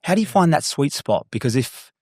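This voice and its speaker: A man hosting a podcast, asking the guest probing follow-up questions in a relaxed conversational way. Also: a little high, brisk, no room sound, clean studio sound. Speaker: podcast host.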